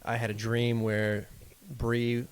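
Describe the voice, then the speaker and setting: A man's voice: medium pitch, completely flat delivery, slow, clear, resonant tone. A man co-hosting a podcast in casual chat, dropping wry quips and short reactions. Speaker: podcast co-host.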